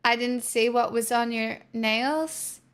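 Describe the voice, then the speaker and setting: A woman's voice: fairly high pitch, takes it slowly. A woman livestreamer chatting casually with her viewers, using sarcastic, mock-corporate girlboss patter.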